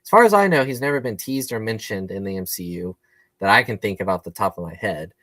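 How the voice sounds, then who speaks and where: Low, dry-voiced male co-host. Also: animated, fast talker, a bit bright, no room sound. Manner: chatty, rambling with fillers. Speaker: podcast co-host. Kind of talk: casual chat.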